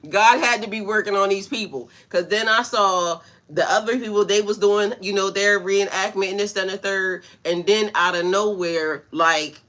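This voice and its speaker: A woman's voice: medium pitch, fairly bright tone. A woman spiritual coach talking casually on a livestream, laughing often and greeting her viewers by name. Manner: loose, chatty storytelling.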